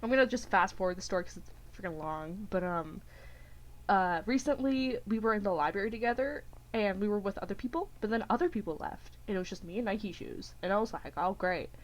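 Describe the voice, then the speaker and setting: A woman's voice: mid-range voice, expressive, fairly quick. A young woman co-hosting a podcast, telling a rambling, giggly story in casual chat and acting out what people said. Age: young adult. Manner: rambling, giggly, acts out quotes with voices. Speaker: podcast co-host.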